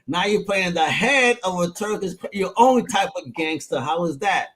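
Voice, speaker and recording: A man's voice: high-pitched, lively intonation, moderate pace, a loud crowd. A male host interviewing a guest in casual chat, full of slang and filler words.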